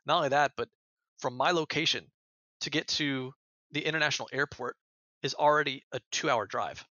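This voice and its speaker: A man's voice: medium pitch, normal speed, bright, forceful tone, no echo, highs cut off. An American man who is a podcast guest, earnestly retelling events in a casual interview and often repeating words as he goes. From United States.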